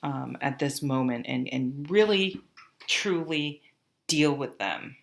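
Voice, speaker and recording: A woman's voice: very deep voice, slow pace, creaky. A woman giving a casual, chatty tarot reading to camera, rambling and often breaking off mid-sentence. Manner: chatty, rambling, self-interrupting. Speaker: tarot reader.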